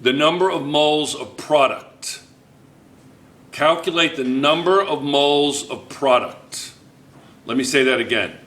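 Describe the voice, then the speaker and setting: Bright-voiced playful male chemistry teacher. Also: fairly high pitch, measured pace, echoey room. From United States. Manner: playful, repeats phrases, jokes with students. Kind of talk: classroom teaching. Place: classroom.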